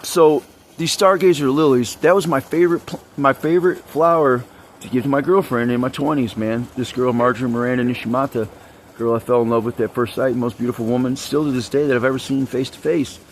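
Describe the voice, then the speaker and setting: A man's voice: mid-range voice, steady tone, a little fast, a little hiss or hum. Rambling, agitated man venting. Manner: agitated, rambling, heavy swearing. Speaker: vlogger. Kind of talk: rambling monologue to camera.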